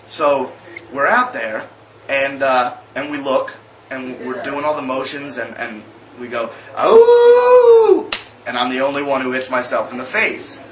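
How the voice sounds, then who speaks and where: A man's voice: medium pitch, level tone, normal speed. A young man vlogging, telling a story to camera in a casual, rambling way full of fillers and restarts. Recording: echoey room with faint ambient noise.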